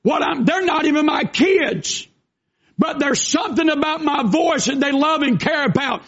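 An older man preaching a sermon, with folksy asides and shouted bursts. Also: very high voice, expressive, moderate pace. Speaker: pastor. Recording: dull lo-fi sound.

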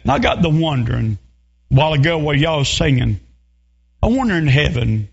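A revival preacher from North Carolina with a Southern accent, telling a story emotionally and rising to shouts. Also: male voice, a little high, sing-song, fairly quick, creaky, husky, muffled recording. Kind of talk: sermon storytelling.

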